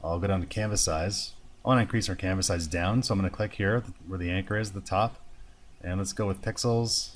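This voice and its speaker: A man teaching a storyboarding tutorial, talking through each step in a relaxed, thinking-aloud way. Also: low voice, fairly quick, slight background noise. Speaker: animation instructor. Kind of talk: screen-recorded software tutorial.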